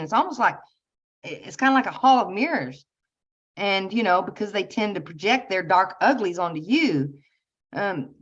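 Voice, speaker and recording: A woman giving a casual spiritual talk, earnest and meandering, with soft laughs and many fillers. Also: medium pitch. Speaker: spiritual channel host. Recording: slightly dull lo-fi audio.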